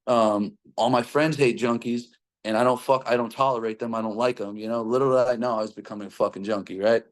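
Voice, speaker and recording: A man's voice: mid-range voice, fairly even intonation, quick pace. A young man casually telling a personal story, rambling with frequent fillers and heavy swearing.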